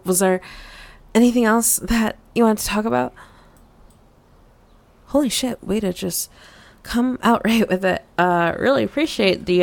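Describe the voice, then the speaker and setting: A woman's voice: medium pitch, gravelly, dry recording. A woman voicing a flustered, frustrated young woman in an audio role-play, stammering and swearing with many fillers.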